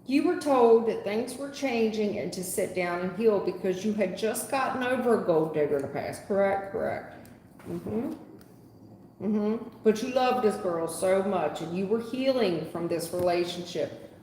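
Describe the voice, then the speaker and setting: A woman's voice: mid-range voice, expressive, unhurried, mellow, a little hiss or hum. A woman giving a live tarot reading, sarcastic and scolding in a folksy way. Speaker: tarot reader. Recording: echoey room with long reverb.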